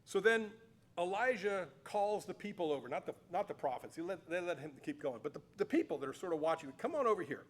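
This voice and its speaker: A man teaching a Bible class, telling the stories in an animated, chatty way with fillers and restarts. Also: sits high, fairly quick. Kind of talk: casual storytelling lecture. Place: cathedral.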